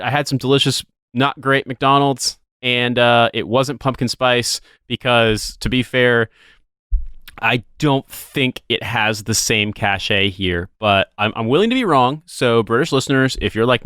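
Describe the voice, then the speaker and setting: A man's voice: medium pitch, a little slow, sharp tone, clean tone, dry recording, clean studio sound. A man from the United States co-hosting a podcast, rambling through stories in casual chat and swearing freely. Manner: rambling, swears casually, tries silly voices. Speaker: podcast co-host.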